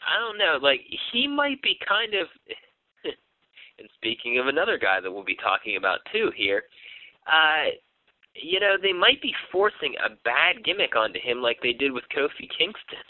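A man co-hosting a casual wrestling podcast, talking in halting bursts full of fillers and restarts. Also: a little high, sing-song, dry recording. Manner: hesitant, many fillers and restarts. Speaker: podcast co-host. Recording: dry, phone-like narrow sound.

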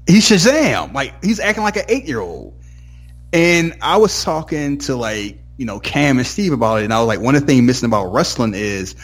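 A man with a husky voice chats casually on a podcast. His pitch rises and falls lively as he tells stories and drops into quick impressions. Faint music plays underneath. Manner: laid-back storytelling, drifts into mimicking others. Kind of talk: casual chat.

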